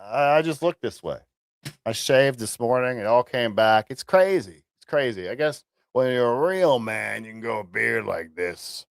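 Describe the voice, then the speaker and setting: A man hosting a casual livestream, talking sarcastically with many halting restarts. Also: mid-range voice, expressive, gravelly, no echo. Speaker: livestream host.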